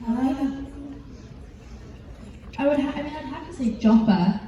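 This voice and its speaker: A woman with a fairly high voice tells giggly, rambling stories on a convention stage, full of "like" and "um". Her voice bounces around a huge echoing hall and comes from some distance from the mic. Steady background noise sits under everything. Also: a little slow, dull audio. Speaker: panel guest answering fan questions. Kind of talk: casual convention Q&A.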